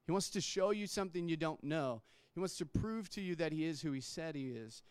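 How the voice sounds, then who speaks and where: A man's voice: fairly high pitch, expressive, brisk, smooth, dry recording. A man preaching a sermon in a conversational way, restarting words and acting out quotes. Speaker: pastor.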